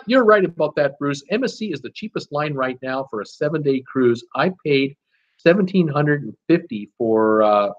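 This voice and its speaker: Chatty man hosting a live stream, slightly high voice. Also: a bit bright. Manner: chatty, many "uh" fillers, greets viewers by name. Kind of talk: casual live chat, reading viewer comments. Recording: dull lo-fi sound.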